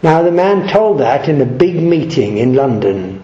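A male preacher telling a story in a sermon, animated and full of quoted dialogue. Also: mid-range voice, measured pace, roomy sound, highs cut off.

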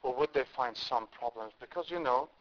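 A man's voice: mid-range voice, brisk. A man from India preaching a sermon, impassioned, with emphatic rises and repeated words. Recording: dull lo-fi recording.

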